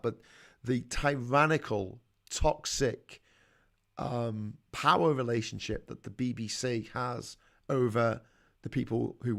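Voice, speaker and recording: Ranting Scouse man with a gravelly voice. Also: medium pitch, fairly bright tone. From Liverpool, England. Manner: blunt and opinionated, swears, rants with rising heat. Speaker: host of a live call-in chat show. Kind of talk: live-stream commentary reading viewer comments.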